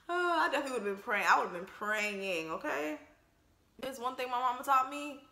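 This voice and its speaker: Casual woman reaction host, high animated voice, bright and punchy, slangy and laughing, echoey room. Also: normal speed. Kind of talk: casual movie reaction commentary.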